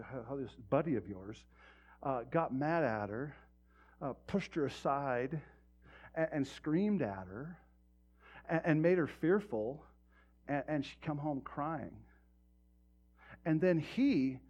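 A man's voice: mid-range voice, darkish tone. Man, pastor, sermon, direct rhetorical questions, church sanctuary, muffled lo-fi recording.

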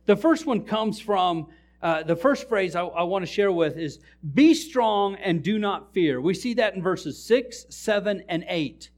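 Guy preaching a sermon in church, high lively voice, cracking jokes with the crowd. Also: unhurried. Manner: animated storytelling preacher, jokes with the congregation. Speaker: pastor.

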